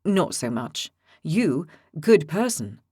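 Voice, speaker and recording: A woman voicing a cheerful imprisoned man who talks in halting, broken short phrases. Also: deep voice, big pitch swings, a little mellow, husky, no echo, clean studio sound, pitched below the performer's own voice, full character voice. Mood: plain.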